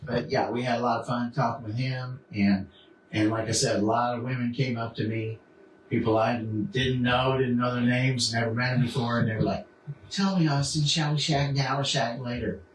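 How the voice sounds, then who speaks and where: A man's voice: mid-range voice, little pitch movement, fairly quick. A man chatting casually as a co-host, wandering through his stories with plenty of "uh" and "you know". He sits some distance from the mic, so the room's echo carries his voice along with a faint background hum. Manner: rambling storyteller with many fillers and restarts. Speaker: podcast co-host. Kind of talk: casual chat. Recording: roomy sound from a distant mic with faint ambience.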